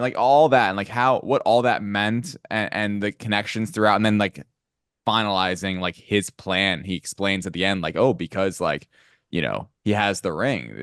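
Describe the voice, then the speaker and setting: Low-voiced man in casual review chat. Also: clean tone, no room sound, studio quality. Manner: rambling, heavy use of filler words. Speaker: podcast co-host.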